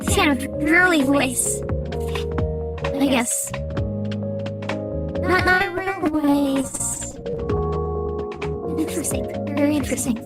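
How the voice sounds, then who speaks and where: A man's voice: very high voice, takes it slowly, long pauses. A man speaking through a girly voice changer filter while he chats with his viewers. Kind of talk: livestream chat through a filter. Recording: music playing behind.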